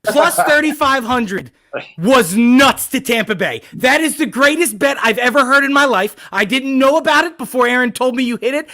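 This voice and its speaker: A man's voice: very high-pitched, lively intonation, moderate pace, pushed and bright. A man co-hosting a sports podcast, ranting in heated casual talk full of profanity and hard emphasis.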